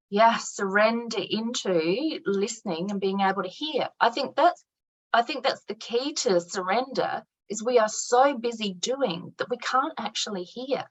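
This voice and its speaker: A woman's voice: mid-range voice, rough recording. A woman speaking as an interview guest, earnest and affirming, talking reflectively over a video call. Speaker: guest, art therapist and creativity coach.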